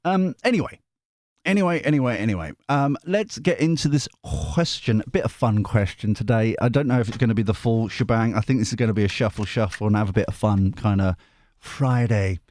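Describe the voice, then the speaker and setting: A man's voice: fairly low pitch, normal speed, darkish tone. A man, a tarot reader, chatting casually to his viewers in a rambling, playful way. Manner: rambling, self-interrupting, playful.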